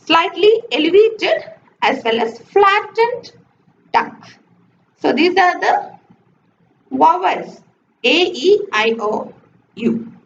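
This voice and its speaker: Woman lecturer, high and very lively pitch, echoey and slightly dull recording. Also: slow, gravelly, pauses often, slight background noise. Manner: explains step by step, often saying "okay". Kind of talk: slide-based phonetics lecture.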